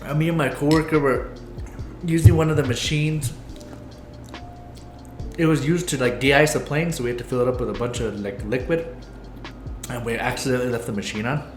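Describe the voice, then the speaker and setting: Animated, swearing male storyteller. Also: mid-range voice, fairly quick, long pauses, roomy sound, soft background music. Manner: animated storyteller, swears freely, acts out quoted voices. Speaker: podcast co-host. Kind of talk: casual chat.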